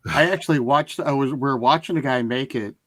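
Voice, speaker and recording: A man's voice: mid-range voice, fairly quick, fairly bright tone, no room sound. A man co-hosting a fan podcast, telling a teasing anecdote in a chatty way. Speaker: podcast co-host. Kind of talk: casual storytelling.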